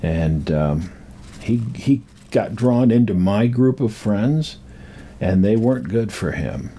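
An older man telling a rambling personal story from his youth, halting and full of pauses and restarts. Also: lowish voice, lively intonation, dark tone, a little hiss or hum.

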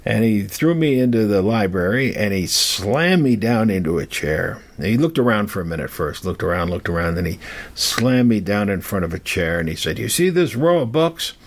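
A man recounts a personal story in a rambling, halting way. His voice is low and gravelly with a husky edge. He pauses often with fillers and restarts. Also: expressive.

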